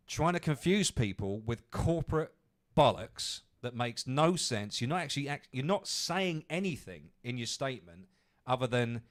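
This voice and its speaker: A man hosting a podcast, ranting angrily with lots of swearing. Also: mid-range voice. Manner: angry, profane ranting. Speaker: podcast host. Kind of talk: ranting commentary.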